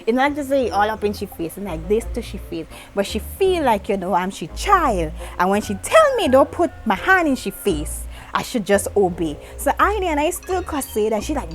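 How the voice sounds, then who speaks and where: A woman, vlogging an animated, dramatic story and talking with her hands. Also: medium pitch, moderate pace, faint music behind. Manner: lively, dramatic retelling with acted-out quotes, talks with her hands.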